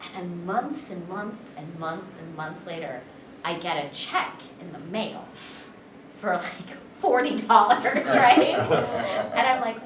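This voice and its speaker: Woman, voice actress, convention interview, chatty and animated, distant mic, noisy backdrop. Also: lowish voice, slow pace. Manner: chatty, filler-heavy, animated retelling. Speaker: voice actress and director. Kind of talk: convention panel interview, storytelling. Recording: echoey room, distant mic, background chatter.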